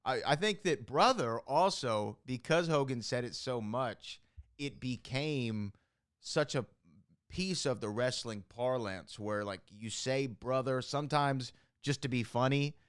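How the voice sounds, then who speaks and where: Chatty animated podcast host, young man. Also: medium pitch, a little slow, clear, resonant tone, no room sound, clean studio sound. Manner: chatty, animated storytelling with frequent laughs and fillers. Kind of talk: casual podcast chat.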